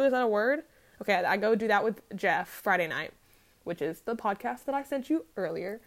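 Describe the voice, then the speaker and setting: A woman's voice: fairly high pitch, fairly quick. A young adult woman telling a personal story on her podcast in a candid, profane, rambling way, full of fillers. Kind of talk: casual storytelling.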